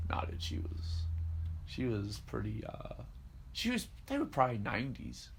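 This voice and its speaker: A young man on a podcast, spinning a story in a relaxed, animated way. He acts out what people said and swears casually, laughing along as he goes. His voice sits in a middle register. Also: mid-range voice, normal speed, gravelly, slightly rough. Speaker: podcast co-host.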